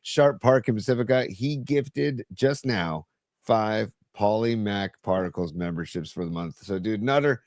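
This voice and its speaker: A man's voice: fairly low pitch, measured pace, a little mellow, no room sound, clean studio sound. Upbeat male podcast co-host. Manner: upbeat, thanks viewers by name. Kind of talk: casual live-stream chat.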